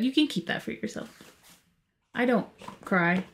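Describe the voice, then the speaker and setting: A woman's voice: fairly high pitch, lively intonation, unhurried, gravelly. A woman co-hosting a reaction channel, chatting casually with a playful, teasing manner and dry jokes. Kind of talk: casual chat.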